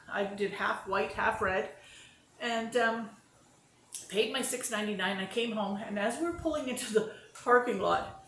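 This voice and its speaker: A woman's voice: mid-range voice, vocal fry, fairly bright tone, a little hiss or hum. A woman chatting casually to camera, self-deprecating, talking through each movement as she goes. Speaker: vlogger demonstrating exercises and telling stories. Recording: roomy echo with faint ambience.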